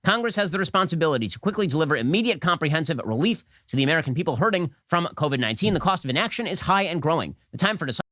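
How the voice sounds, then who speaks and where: A man rattles off political commentary at an extremely fast clip, combative and pointed. His voice is slightly high for a man, and it is recorded close and dry with no room sound. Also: sing-song, bright, forceful tone, dry recording. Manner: brisk, combative.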